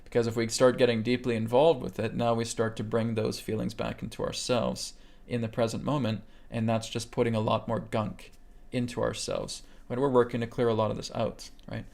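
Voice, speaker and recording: Leading a live online lesson in a breath-based healing technique, this meditation teacher talks fairly quickly in a gravelly, medium-pitched voice. His tone stays even and flat as he walks people through each step, repeatedly asking "okay?".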